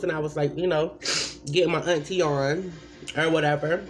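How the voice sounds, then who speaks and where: A woman's voice: sits low, steady tone, fairly quick. A woman giving blunt, rambling advice in a casual vlog, full of asides and repeated points. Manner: repeats points with many fillers.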